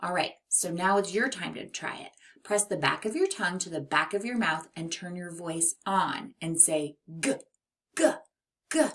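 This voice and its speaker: A woman teaching young children a phonics lesson, speaking clearly and encouragingly. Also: lowish voice, lively intonation, moderate pace, fairly bright tone. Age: adult.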